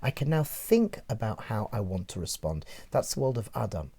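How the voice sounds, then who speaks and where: Give me a man with an English accent, a rabbi explaining ideas in an animated way on a podcast. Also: lowish voice, normal speed, vocal fry, slightly rough. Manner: animated, acts out scenarios in character voices. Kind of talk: podcast discussion teaching.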